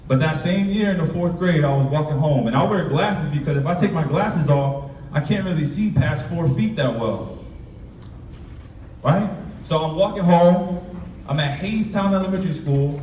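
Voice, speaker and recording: A man's voice: fairly high pitch, darkish tone, slight background noise. A young man telling a candid, street-styled personal story to students, acting out the voices of his past. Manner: candid, street-inflected storytelling with acted-out quotes. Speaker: author speaking to students. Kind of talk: motivational storytelling talk. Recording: echoey room from far off.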